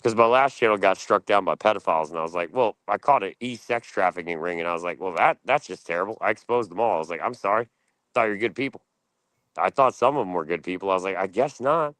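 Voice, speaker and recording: Profane, boastful man with a lowish voice. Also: fast, a bit bright, no room sound, low-quality recording. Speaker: streamer. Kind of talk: casual stream rant.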